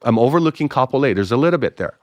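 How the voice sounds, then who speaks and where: A middle-aged man, a pastor chatting as a podcast guest, speaking at an everyday middle pitch. He tells stories with lots of energy, leaping up in pitch as he acts out who said what. The recording is dry and close, with no room sound. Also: racing, no room sound. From Big Island of Hawaii. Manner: animated storyteller, acts out conversations with big jumps in pitch. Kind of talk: casual storytelling interview.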